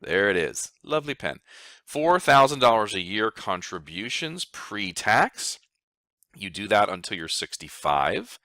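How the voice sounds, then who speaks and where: A male financial advisor explains money matters with lively energy, repeating figures for emphasis. His voice sits on the low side but swings widely in pitch. It sounds bright and forward, recorded close and dry. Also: measured pace, no echo. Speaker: financial advisor and show host. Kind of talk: educational explainer video.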